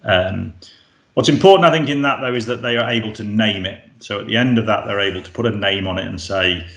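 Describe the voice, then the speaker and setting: A man's voice: lowish voice, brisk, a bit bright. A man presenting a coaching webinar in a conversational way, full of fillers and restarts, heard over a video call. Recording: roomy echo.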